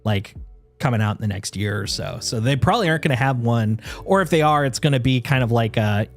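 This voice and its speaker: A man streaming a game, chatting casually and rambling with lots of fillers and restarts. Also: mid-range voice. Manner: baby-talk to his dog. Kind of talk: casual chat while gaming.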